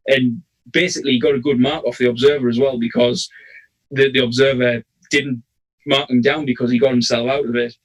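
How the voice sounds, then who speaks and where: A man's voice: mid-range voice, flat delivery, a little fast, rough recording. A man, co-hosting a casual referee chat and telling a long rambling story with many restarts. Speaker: referee, podcast co-host.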